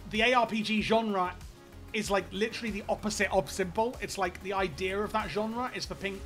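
A high-pitched man talks casually to his live-stream viewers while he plays. He rambles and stammers, repeating words as he gets excited. Faint music plays underneath.

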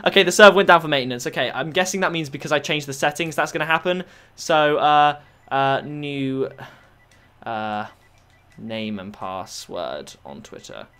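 A young man giving chatty, excitable live commentary over his own gameplay. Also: fairly high pitch, normal speed, smooth. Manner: excitable, chatty, bursts into shouts and laughs. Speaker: gaming YouTuber.

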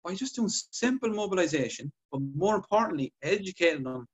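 A man chatting on a podcast, telling patient stories with lively acted-out dialogue. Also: high-pitched, fairly quick, husky. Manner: animated storytelling, acts out patient dialogue. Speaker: podcast guest clinician. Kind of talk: casual podcast chat.

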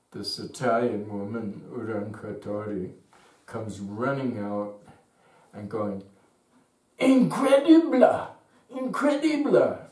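A man telling a personal story as a slow, thoughtful reminiscence. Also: on the low side, a little mellow. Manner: unhurried, thoughtful. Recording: roomy echo, distant mic.

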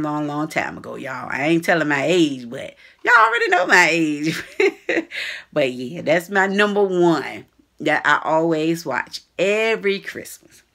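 A woman vlogger talks straight to her viewers in a loose, slangy chat. Her voice swoops up and down as she goes, and she laughs easily between thoughts. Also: low-pitched. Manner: animated and laughing, chatty slang. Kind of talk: casual chat to camera.

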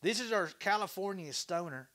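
A man hosting a casual livestream from his workshop, chatty and excitable, swearing casually as he talks to viewers. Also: high voice, moderate pace. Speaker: livestream host. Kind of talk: casual livestream chat while woodturning.

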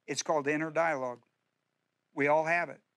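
A man's voice: on the high side, fairly even intonation, a little fast, a bit bright. A middle-aged male pastor preaching a sermon in an emphatic, repetitive style, often asking the congregation questions.

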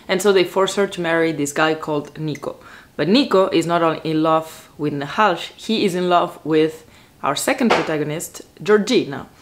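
A woman vlogger chatting casually about books to a camera at home, excitable and full of "like" fillers. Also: on the low side. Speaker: book vlogger. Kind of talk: casual book chat to camera.

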